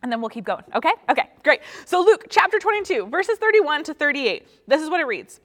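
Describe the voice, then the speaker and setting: A young woman giving a casual, chatty Bible teaching with animated storytelling and playful asides. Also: high-pitched, brisk, long reverb tail.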